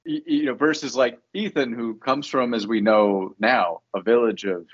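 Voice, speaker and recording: A man's voice: medium pitch, moderate pace, husky. A man co-hosting a podcast, thinking aloud in hesitant, hedging casual chat, in muffled audio. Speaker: podcast co-host. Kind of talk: casual chat about a TV show.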